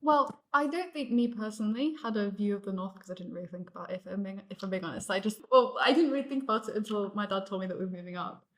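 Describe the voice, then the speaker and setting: A woman's voice: mid-range voice, lively intonation, quick pace, hardly any pauses. A young woman from the South of England with a mid-range voice talks hesitantly as a guest in a casual discussion. She leans on many fillers.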